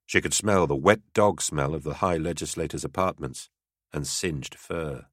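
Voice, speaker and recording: A man with a very deep voice narrates an audiobook in a steady, dramatic manner. His tone is forceful and firm. The recording is dry and close. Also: normal speed, no echo.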